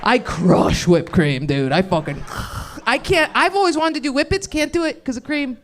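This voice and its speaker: A woman's voice: high-pitched, sing-song, moderate pace, noisy background. A woman stand-up comedian doing crowd work on a club stage, brash and laughing, swearing freely.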